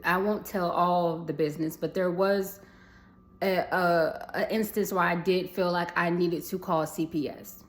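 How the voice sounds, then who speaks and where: A young adult woman with a lowish voice tells viewers a personal story in a casual storytime vlog. She's chatty, calls them y'all and swears freely.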